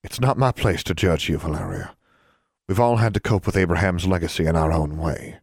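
A man voicing a composed, middle-aged witch and mother who speaks in an even, measured tone. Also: low-pitched, gravelly, slightly rough, dry recording, clean studio sound, full character voice. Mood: calm.

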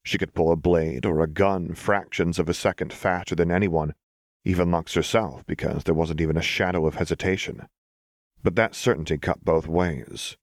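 A man reading a story aloud in calm, measured, scripted narration. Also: sits low, no room sound, clean studio sound. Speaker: audiobook reader.

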